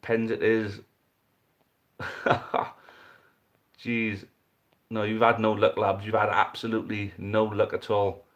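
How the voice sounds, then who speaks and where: A young man hosting and commentating a dice football tournament, chatty and excitable, swearing casually. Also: fairly low pitch, slow, long pauses, muffled recording. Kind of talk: live commentary and casual chat.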